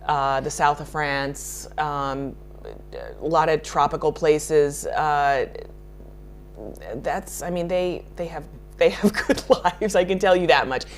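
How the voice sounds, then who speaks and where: A woman's voice: sits low, fairly even intonation, slow, a little hiss or hum. A woman makeup artist answering interview questions in a chatty way, laughing often and restarting her sentences.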